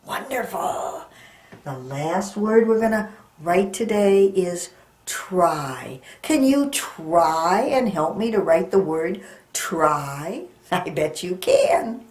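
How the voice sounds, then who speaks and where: A woman teaching a children's reading lesson, sounding out letters and words slowly and patiently. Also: on the low side, big pitch swings, a little mellow. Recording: echoey room.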